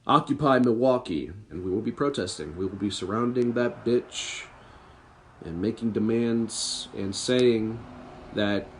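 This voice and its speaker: A man's voice: lowish voice, unhurried, slight background noise. A young man hosting a podcast, delivering an angry political rant full of profanity and bitter sarcasm. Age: young adult. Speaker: podcast host.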